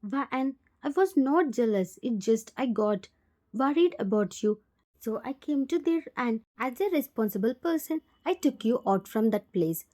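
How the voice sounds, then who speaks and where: Woman playing a remorseful man in his late forties, Indian English accent, warm tone. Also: on the high side, animated, normal speed. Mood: defensive. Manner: pleading, guilt-ridden.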